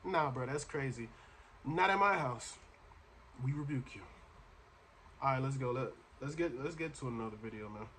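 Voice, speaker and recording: A man's voice: medium pitch, normal speed, long pauses, fairly bright tone, a little hiss or hum. A man hosting a reaction video, giving casual, preachy commentary full of slang and asides to the viewer. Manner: preachy, slangy, addresses listener as bro.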